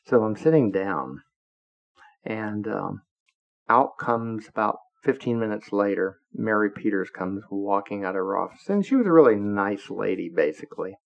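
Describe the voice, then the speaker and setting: A man's voice: fairly low pitch, animated, normal speed, creaky. A man podcaster telling a blunt, profane workplace story in a candid monologue, laughing now and then. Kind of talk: anecdotal monologue. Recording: dull lo-fi audio.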